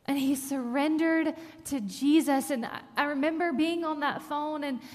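A woman's voice: sits high, moderate pace. A woman preaching a sermon, telling a personal story in an earnest way that builds to emphatic scripture reading. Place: church sanctuary. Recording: long hall reverb.

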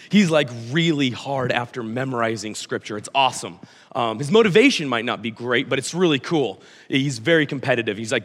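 Male pastor in his thirties, animated storyteller, sermon in a reverberant hall. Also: medium pitch. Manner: storytelling, animated, acts out his son's lines. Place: church hall. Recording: church hall with long reverb.

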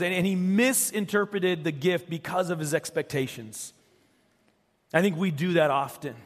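A man's voice: fairly high pitch, big-room sound. A man preaching a sermon as a pastor, telling stories in a conversational way and asking rhetorical questions. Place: church.

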